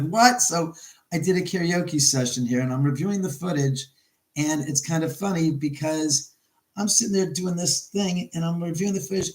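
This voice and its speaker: Middle-aged male livestream host, slightly high voice, rambling and chatty, streaming from home. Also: a little mellow, poor audio. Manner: rambling storyteller, reads chat aloud. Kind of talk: casual livestream chat. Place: his house, indoors.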